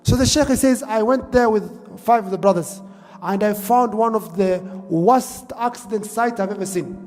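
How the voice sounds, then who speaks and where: High-voiced preacher telling a story in a hall. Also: male voice, normal speed, a little mellow, faint music behind. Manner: emotive storytelling, quoting figures in Arabic then English. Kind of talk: sermon storytelling.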